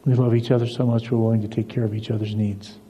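An older man preaching a sermon as pastor, telling stories and moving between emphatic lines and soft, confiding ones. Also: fairly low pitch, flat delivery, fast talker, a little hiss or hum. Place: church sanctuary. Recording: dull lo-fi recording in a reverberant church hall.

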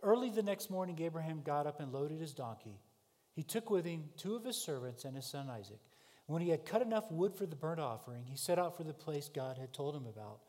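A man's voice: a little high, expressive, fairly quick. Storytelling preacher man in a reverberant hall. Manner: storytelling preacher, dramatic swings in loudness. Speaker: pastor. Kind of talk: sermon.

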